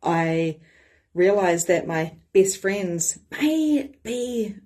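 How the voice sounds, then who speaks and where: A woman with a New Zealand accent, a spiritual mentor and coach, reflecting in an animated, casual monologue and swearing freely. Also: medium pitch, drawn-out words.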